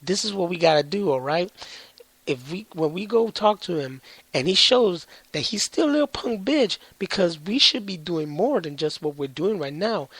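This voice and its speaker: A man's voice: high voice, lively intonation, moderate pace, fairly bright tone, breathy edge, no room sound, pitched above the performer's own voice, heavily acted. A man voicing a cocky male alien warrior general who talks in swaggering, profane slang. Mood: scheming.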